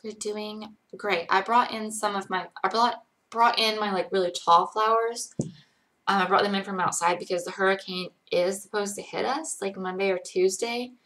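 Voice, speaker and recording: In a casual live chat, a Georgia-born woman in her twenties reads viewer questions and answers in a chatty, rambling way, with many "likes" and "ums." Her light American accent has a Connecticut tinge and little Southern. Her medium-pitched, fairly bright voice is steady and moderately paced, with a little hiss or hum in the recording.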